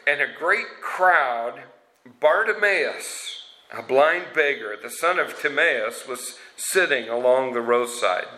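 Slow, earnest man preaching. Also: on the high side, sharp tone, rough recording. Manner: slow, earnest storytelling with asides. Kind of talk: sermon.

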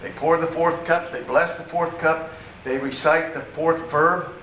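A man's voice: on the high side, steady tone, a little slow, a bit bright, slight background noise. A man preaching a sermon in a conversational, teaching way, with asides to the congregation. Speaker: pastor. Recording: echoey room, distant mic, faint ambience.

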